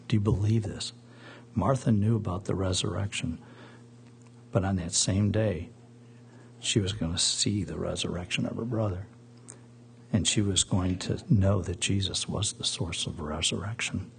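A man preaching a sermon in an earnest, measured storytelling manner, reading scripture aloud between his own remarks. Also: sits low, vocal fry, slight background noise. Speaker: pastor.

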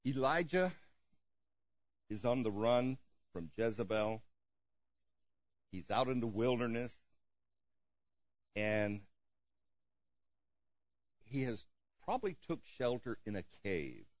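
A man preaching a sermon in a gentle manner, dropping softly at moments and chuckling now and then. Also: medium pitch, takes it slowly, pauses often, dry recording, muffled recording. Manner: gentle, lively preaching with soft drops and chuckles. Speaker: pastor.

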